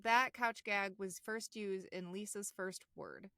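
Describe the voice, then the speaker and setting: A woman co-hosting a podcast, chatting casually about a cartoon episode, giggling often and quoting lines in quick voices. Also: mid-range voice, fairly even intonation, sharp tone, smooth, dry recording, studio quality. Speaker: podcast co-host.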